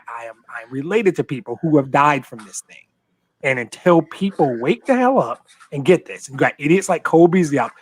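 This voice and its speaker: A man's voice: on the high side, no echo. A man co-hosting a sports talk show, blunt and indignant, ranting with profanity. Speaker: co-host.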